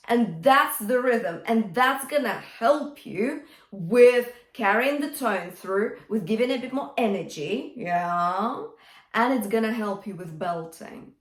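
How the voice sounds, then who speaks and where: Vocal coach woman, roomy sound. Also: a little high. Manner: encouraging, demonstrates by singing. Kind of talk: singing lesson. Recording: roomy and a bit distant from the mic.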